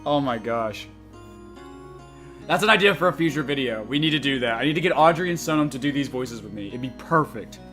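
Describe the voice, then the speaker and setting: A man rambles through gameplay commentary with crude jokes and giggles, his pitch swinging lively. His tone is bright and forward. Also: brisk, soft background music. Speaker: let's-play host.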